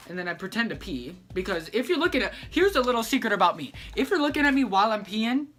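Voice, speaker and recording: A man's voice: high-pitched, animated, fairly quick, a bit bright, faint music behind. A young man telling a story in a casual vlog, sassy and dramatic, acting out each person he quotes.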